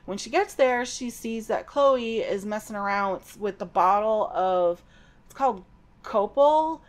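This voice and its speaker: A middle-aged woman talks through a story she has read. She is casual and conversational, and drifts into personal asides before picking the thread back up. Her pitch sits at a mid level for a woman. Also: a little slow. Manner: chatty and digressive, with personal asides. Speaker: podcast host recapping a novel. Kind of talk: casual book recap.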